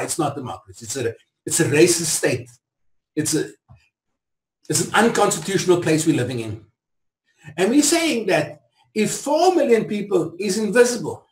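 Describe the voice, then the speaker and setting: A man's voice: sits high, darkish tone. A middle-aged South African man, an interview guest, telling stories with a preacherly, emphatic delivery. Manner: preacherly, rising to emphatic peaks. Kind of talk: impassioned storytelling. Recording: echoey room.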